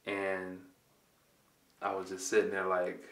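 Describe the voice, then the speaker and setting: At a normal speed, a man in his twenties from Compton, California relates a personal story in a laid-back, slangy way, acting out what people said. His voice is on the low side, flat in delivery, with a bright, forceful tone. The recording sounds roomy, with the mic placed at a distance.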